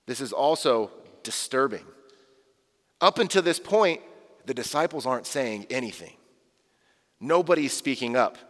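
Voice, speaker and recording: A man preaching a sermon as a pastor, earnest and animated, acting out the voices of the people he quotes. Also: medium pitch, big-room sound.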